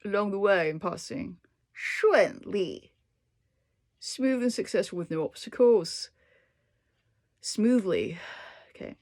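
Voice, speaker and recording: Woman reading a dictionary aloud, slow and lively. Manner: reads entries aloud with asides, lively pitch on Chinese words. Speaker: language learner reading a dictionary. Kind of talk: casual self-study reading aloud.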